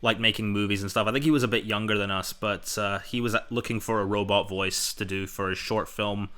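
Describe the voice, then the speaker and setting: Low, bright-toned young man, rambling. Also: steady tone, a little fast, clear, resonant tone. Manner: rambling, full of fillers, enthusiastic. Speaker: podcast host. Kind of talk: casual chat.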